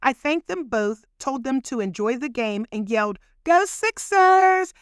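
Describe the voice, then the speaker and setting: A woman tells her own story in a relaxed, chatty way, talking straight to her listeners as if to friends. Her voice sits a little high, and the recording is dry and close, with no room sound. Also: moderate pace, no echo. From Philadelphia. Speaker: podcast host telling her own story. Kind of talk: casual personal storytelling.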